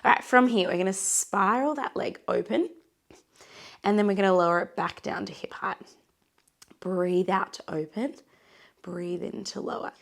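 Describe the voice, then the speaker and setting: A hoarse, run-down young woman leading a pilates workout with a raspy voice, encouraging and counting reps as she cues each breath. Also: mid-range voice, normal speed, pauses often. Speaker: pilates instructor. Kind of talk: guided workout instruction.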